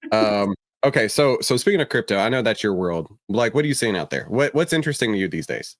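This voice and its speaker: A male host in a relaxed podcast conversation who jokes around and keeps questions coming. His pitch swings widely, and the sound is dry with little room echo. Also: fast talker. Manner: joking, lively, asks questions. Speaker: show host. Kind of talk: casual podcast chat.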